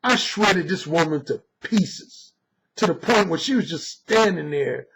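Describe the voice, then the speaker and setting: A man's voice: on the high side, expressive, measured pace, fairly bright tone, a little hiss or hum, poor audio. A man, an author and dating coach, delivering a blunt, emphatic and boastful monologue that is full of profanity. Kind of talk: opinionated monologue.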